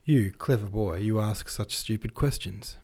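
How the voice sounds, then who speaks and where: A man reading the lines of a cheerful, sympathetic young woman who is poor but carefree, voiced gently and with light teasing. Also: lowish voice, measured pace, slightly rough.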